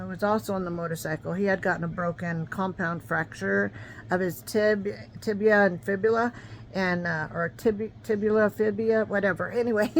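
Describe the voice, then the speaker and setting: A woman's voice: fairly low pitch, a little hiss or hum, rough recording. A woman in her fifties telling a personal story in a rambling, conversational way, full of fillers and restarts. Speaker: vlogger.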